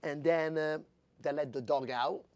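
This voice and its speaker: A man in his fifties from Italy, a jockey telling stories in an interview, animated and laughing, acting out quoted voices. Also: on the high side, unhurried. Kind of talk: storytelling in an interview.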